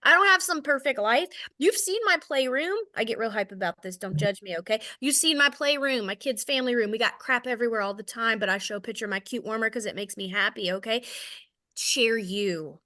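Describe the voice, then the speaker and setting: A woman's voice: on the high side, brisk, bright, forceful tone. A woman in her thirties with a Southern American accent, giving a casual, candid sales training talk, self-deprecating and checking in with "okay?" often. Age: 30s.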